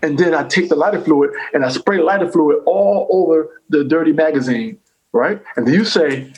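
A man with a slightly high voice tells a rambling comic story in loose conversation. He is animated and profane, and he loops back over his own phrases as he builds each bit. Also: moderate pace, low-quality recording. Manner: animated, profane, repeats himself. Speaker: comedian guest. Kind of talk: casual storytelling chat.

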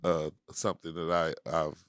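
A man's voice: extremely low pitch, monotone, normal speed, fairly bright tone, dry recording, clean studio sound. A middle-aged man hosting a casual podcast chat, asking questions and cursing bluntly. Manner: blunt, curses, asks questions. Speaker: podcast host.

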